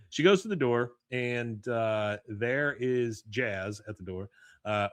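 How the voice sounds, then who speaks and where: With a lowish voice at a normal pace, a male podcast host chats through an episode recap, animatedly voicing the characters' lines. The recording is dry with clean studio sound.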